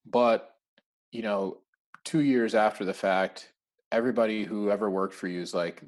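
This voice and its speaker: A man's voice: on the low side, normal speed. A man, a company founder, speaking as a podcast guest in a reflective, hesitant way with many fillers. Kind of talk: casual interview.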